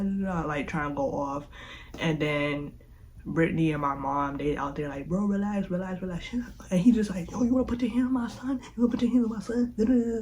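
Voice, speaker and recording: Animated young storytime vlogger. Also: medium pitch, slight background noise, rough recording. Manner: animated, acts out quotes, says "like" and "da da da" a lot. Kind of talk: casual storytelling.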